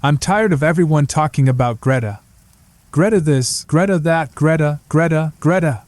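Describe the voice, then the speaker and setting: A man's voice: fairly high pitch, normal speed, a little mellow, no room sound, pitched above the performer's own voice, close to an everyday voice. A man voicing a blunt young psychology student who answers in a dry, dismissive, lecturing way. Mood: sardonic.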